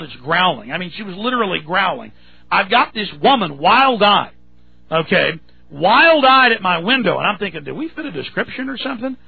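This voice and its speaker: A man's voice: high voice, vocal fry. A man hosting a talk radio show, telling a story in a rambling, indignant way with many restarts. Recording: tinny phone-like radio sound.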